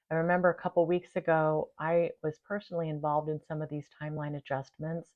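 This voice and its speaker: A woman hosting her own channel, chatting casually to viewers, laughing easily and thanking them warmly. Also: low-pitched, flat delivery, quick pace, hardly any pauses, lo-fi sound. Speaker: channel host. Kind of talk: casual talk to camera.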